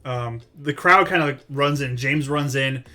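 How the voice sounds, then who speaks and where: A man's voice: mid-range voice, normal speed, bright, forceful tone. A man narrating as game master in a tabletop role-playing session, loose and full of fillers.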